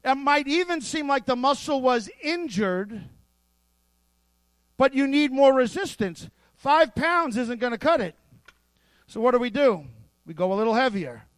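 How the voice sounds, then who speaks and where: A man preaching a sermon, animated and playful, with asides worked into his points. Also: very high-pitched, unhurried, pauses often, no echo. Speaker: pastor.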